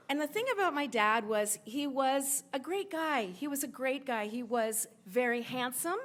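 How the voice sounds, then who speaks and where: A woman in her forties telling a true personal story on stage, emotional, rushing through some parts and slowing way down on others. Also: sits high, fairly bright tone, a little hiss or hum. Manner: emotional, quick bursts of telling with sudden slowdowns. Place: stage at a live event in a sports bar.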